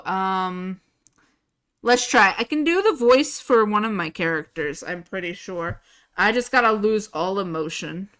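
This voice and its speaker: A young woman chats loosely with her stream audience, rambling from one thought to the next. Her voice is bright and forceful, with a middle pitch. She laughs often and swears casually. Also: clean tone. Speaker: livestreamer. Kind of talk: casual chat with viewers.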